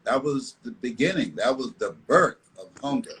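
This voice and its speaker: A man's voice: medium pitch, sing-song, normal speed, a bit bright, rough recording. An older man from the United States, a motivational speaker telling stories in a live online interview, emphatic and repetitive. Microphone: live video call.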